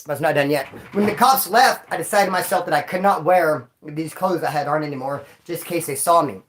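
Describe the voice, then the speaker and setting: A man's voice: on the high side, a little fast, fairly bright tone, slight background noise. Man, stream host, casual slangy storyteller who acts out the sounds and voices. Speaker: livestream host telling prison stories. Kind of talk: casual storytelling to a live audience.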